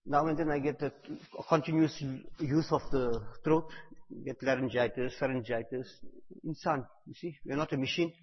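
A man giving a devotional talk, telling stories and repeating phrases for emphasis, at times bursting out loud on key words. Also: medium pitch, moderate pace, a little hiss or hum. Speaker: religious teacher. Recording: echoey hall, dull lo-fi sound.

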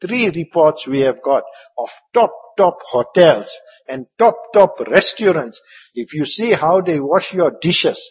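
A man giving an Islamic religious talk with stories, rambling and repeating words, sometimes dropping into soft asides. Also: on the high side, slightly rough. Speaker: Islamic preacher. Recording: muffled, echoey hall.

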